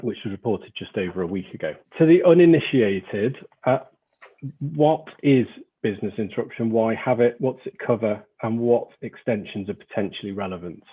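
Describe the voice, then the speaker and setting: Northern English man, husky, tinny call audio. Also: lowish voice. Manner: measured, explanatory. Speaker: insurance lawyer. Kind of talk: webinar presentation.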